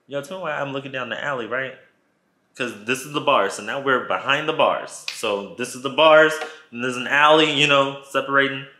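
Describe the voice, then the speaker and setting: A man's voice: mid-range voice, normal speed, bright, forceful tone, echoey room. A man vlogging a casual storytime, retelling events dramatically and talking straight to his viewers.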